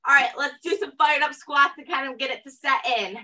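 A woman's voice: sits high, brisk, pushed and bright, distant mic. Upbeat woman coaching a workout. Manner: upbeat, coaching cues, chatty asides. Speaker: fitness instructor. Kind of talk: guided workout class.

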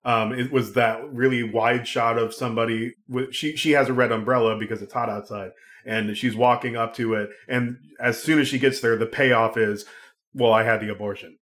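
A man in casual film talk, animated and swearing freely, acting out characters' lines. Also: medium pitch, moderate pace.

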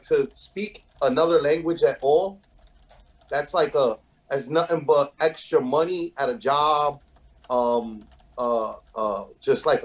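A New man with a mid-range voice, talking in an animated, slangy way. He speaks earnestly in relaxed conversation. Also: medium pitch. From New York. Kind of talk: casual interview chat.

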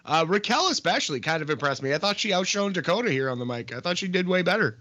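Bright-voiced man chatting about wrestling. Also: sits high, very animated, fast talker. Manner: loose, laughing, with restarts. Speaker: podcast co-host. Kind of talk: casual wrestling review chat.

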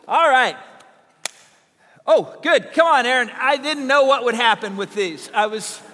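A man's voice: very high voice, measured pace, pushed and bright, long reverb tail. A pastor from Southern Illinois preaching a sermon, telling folksy, humorous stories to his congregation. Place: church sanctuary.

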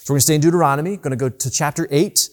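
A man preaching a sermon as pastor, rising and slowing down to stress the scripture he reads. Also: on the high side. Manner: earnest preaching, rises and slows to stress scripture. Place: church.

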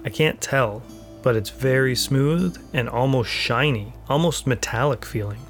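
A man's voice: medium pitch, measured pace. Man narrating, faint music behind. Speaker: podcast host. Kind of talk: scripted first-person narration.

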